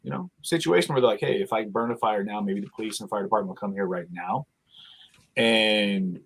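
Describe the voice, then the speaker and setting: A man's voice: lowish voice, a little fast, gravelly, fairly bright tone, a little hiss or hum, rough recording. A man hosting a casual online chat, rambling and retelling his own exchanges with many restarts. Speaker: host.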